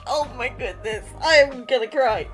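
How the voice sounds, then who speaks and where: A woman's voice: high voice, moderate pace, a bit bright, faint music behind. A woman hosting a romance game playthrough, gushing and giggling in casual commentary. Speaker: gaming channel host. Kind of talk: casual let's-play commentary.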